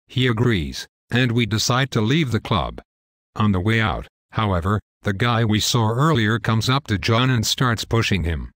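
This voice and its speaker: A man's voice: lowish voice, lively intonation, normal speed, fairly bright tone, dry recording, studio quality. A young man telling a wild story in a casual, profane, matter-of-fact way. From United States. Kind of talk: casual scripted story narration.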